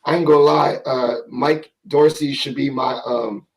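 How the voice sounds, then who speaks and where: A man hosting a podcast in a casual, joking way, with a naturally raspy, gravelly voice. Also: medium pitch, steady tone, unhurried, low-quality recording. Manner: easygoing, self-joking, slangy. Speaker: podcast host.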